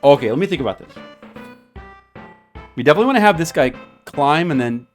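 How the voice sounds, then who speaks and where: Lively, playful male game streamer. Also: on the high side, quick pace, soft background music. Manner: playful, rambling, jokingly addresses a viewer by name. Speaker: streamer playing a retro puzzle game. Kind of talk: casual live-stream chatter while playing.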